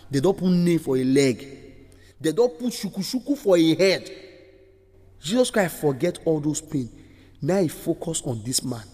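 Lively Nigerian preacher in a hall. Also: male voice, a little high, breathy edge. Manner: animated storytelling with acted-out quotes. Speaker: children's preacher. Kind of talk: sermon. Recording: long hall reverb.

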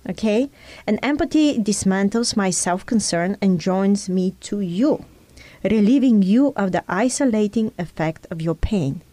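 Speaking in conversation, a woman lays out ideas earnestly, in a teaching manner, using her own experiences as examples. Her mid-range voice is mellow and soft-edged, with lively intonation and a measured pace. The sound is dry and close, with no room around it.

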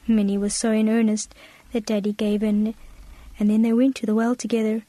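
A woman storyteller gently and expressively reading a children's story on the radio. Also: on the high side, fairly quick, dry recording, low-quality recording. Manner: gentle, expressive, drops to a whisper for suspense.

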